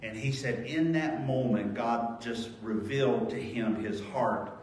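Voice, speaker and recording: A male pastor preaching a sermon, earnest and storytelling, moving between raised emphasis and quiet reflection. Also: mid-range voice, unhurried, slight background noise. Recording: very echoey church hall, voice from far off.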